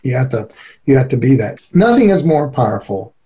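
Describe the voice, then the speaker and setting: A middle-aged man giving an earnest, animated interview as a relationship expert, often breaking into laughter. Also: mid-range voice, brisk. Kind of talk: conversational interview.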